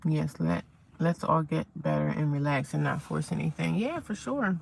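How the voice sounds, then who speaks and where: Gravelly-voiced woman streaming to her viewers. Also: deep voice, animated, moderate pace, a little hiss or hum. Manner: chatty, talks to viewers and reads chat aloud. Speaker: live streamer. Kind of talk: casual live stream chat. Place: outdoors at sunrise.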